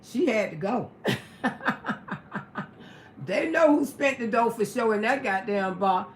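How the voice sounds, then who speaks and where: A brash middle-aged woman spins profane stories on her livestream, her voice pitched high and her outbursts loud. She talks casually to her viewers, and her voice rings around a roomy, echoey space. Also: expressive, moderate pace, slight background noise. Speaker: livestream host.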